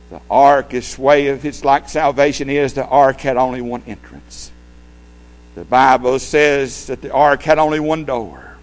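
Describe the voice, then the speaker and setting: A male preacher delivering a sermon. He quotes scripture in old-fashioned wording and swings between loud, emphatic lines and hushed, low ones.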